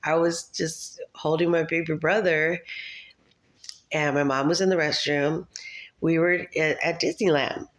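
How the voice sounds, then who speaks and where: A woman's voice: low voice, fairly even intonation, a little slow, low-quality recording. A woman in her thirties, a mother talking straight to her viewers in a rambling, scattered way, often breaking into laughter. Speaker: vlogger, mother. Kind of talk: rambling casual monologue.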